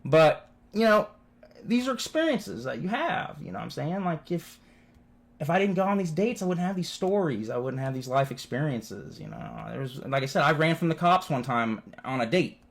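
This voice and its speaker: A man's voice: fairly high pitch, normal speed, creaky. A man vlogging from home, telling rambling stories full of swearing and constant "dude"s. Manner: animated, swears constantly, says "dude" often. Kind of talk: profane casual storytelling.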